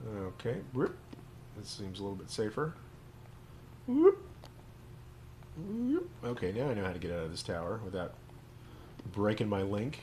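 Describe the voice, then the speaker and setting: A man's voice: lowish voice, fairly quick, a little mellow, slight background noise. A man, a rabbi hosting a game stream, who chats with playful, joking asides while he plays. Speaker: rabbi and host. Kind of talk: let's play commentary.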